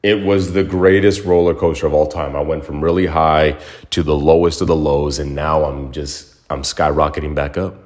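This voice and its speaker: A man's voice: a bass voice, flat delivery, moderate pace, darkish tone. A young man hosting a solo podcast, talking through his own story in a reflective, heartfelt way, often repeating himself as he gathers his thoughts. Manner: reflective, emotional, repeats words. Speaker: podcast host. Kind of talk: casual solo monologue.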